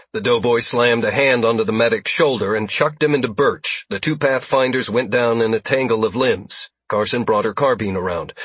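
A man narrating an action story as an audiobook reader, in steady, even storytelling. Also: mid-range voice, slightly rough, no room sound. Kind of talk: scripted narration.

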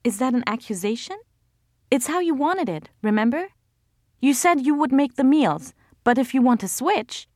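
A young pregnant wife, as a female narrator plays her, defensive and clipped, with a voice that climbs high above the narrator's usual low tone. The delivery is strained and held tight. It is recorded close and dry. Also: expressive, normal speed, few pauses, a little mellow, dry recording. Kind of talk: audiobook character voice.

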